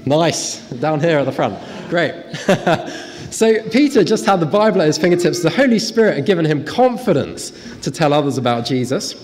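A man preaching a sermon to a congregation in church, talking to them directly and reading aloud from scripture. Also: a little high. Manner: lively, animated preaching with pauses for the congregation. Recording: long reverb of a church hall.

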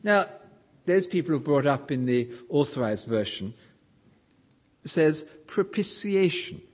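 A man's voice: fairly high pitch, lively intonation, a little slow. A man preaching a sermon in an emphatic way, his voice rising and falling to stress points.

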